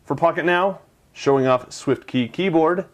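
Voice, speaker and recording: Excited guy showing off a phone app, chatty casual tech host. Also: on the high side, moderate pace. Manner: enthusiastic, chatty. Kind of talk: casual product demo narration.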